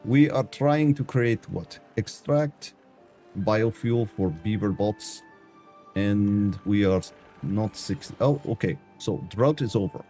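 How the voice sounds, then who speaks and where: A man putting on a bad Eastern European accent to play a boastful male negotiator from his Dungeons and Dragons game. He talks in deadpan, broken grammar on a live stream. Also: fairly low pitch, slow, soft background music. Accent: put-on bad Eastern European.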